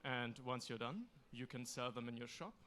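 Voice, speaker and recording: A man pitching his game on a convention stage, explaining it steadily with a few fillers. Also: moderate pace, sharp tone, a little hiss or hum.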